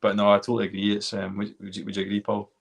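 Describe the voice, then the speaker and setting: Male host, low-pitched, enthusiastic casual chatter. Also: completely flat delivery, racing, vocal fry, slightly rough. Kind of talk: casual chat. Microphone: video call.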